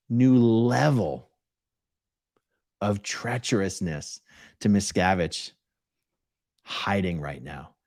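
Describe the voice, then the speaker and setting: A man's voice: lowish voice, no echo, clean studio sound. A man hosting a casual live-stream Q&A, reading viewer questions aloud and answering them at length in a conversational way.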